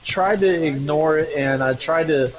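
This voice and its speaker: A man talking while gaming, halting and frustrated, with many fillers. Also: on the high side. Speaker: gamer streaming. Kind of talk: casual chat while gaming.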